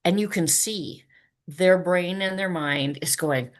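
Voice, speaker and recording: A woman hosting a conversational podcast, animated and quick with asides, laughing often. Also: fairly low pitch. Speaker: podcast host. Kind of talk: conversational interview.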